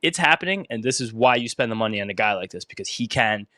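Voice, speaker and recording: A young man, co-hosting a podcast and talking fast through baseball stats. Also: fairly low pitch, animated, bright, forceful tone, no room sound, clean studio sound. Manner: fast, analytical, stat-heavy. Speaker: podcast co-host. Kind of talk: casual sports talk.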